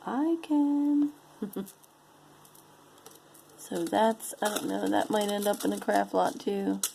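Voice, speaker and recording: A woman's voice: mid-range voice, little pitch movement, slow pace, creaky, darkish tone, slight background noise, rough recording. A woman casually showing and describing jewelry pieces one by one, with playful sing-song asides. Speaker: jewelry unboxing vlogger. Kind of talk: casual show-and-tell commentary.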